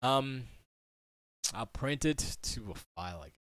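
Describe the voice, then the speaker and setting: A man's voice: medium pitch, animated, slow, a bit bright, no room sound. A young man chatting casually on a livestream from his home studio, rambling and muttering to himself as he works on his computer. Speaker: livestream host.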